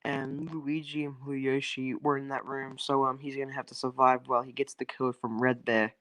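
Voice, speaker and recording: A man's voice: medium pitch, little pitch movement, normal speed, a bit bright, dry recording. A young man rambles through a story over a phone call. He stops and restarts often and fills the gaps with ums. His tone is casual and a little profane. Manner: hesitant, full of restarts and "um"s, loose and swearing. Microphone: phone on an online call.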